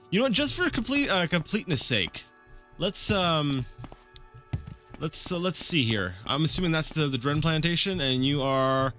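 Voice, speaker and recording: A man's voice: a little high, pushed and bright. A man casually commenting on a video game as he plays, rambling and thinking aloud with many fillers and restarts. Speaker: let's play host.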